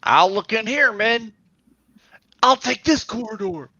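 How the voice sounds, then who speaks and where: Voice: medium pitch, animated, unhurried, bright, forceful tone, dry recording, highs cut off. A fan reading a barking police chief. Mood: commanding. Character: gruff police chief and soviet sub crew. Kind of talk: casual comic read-aloud.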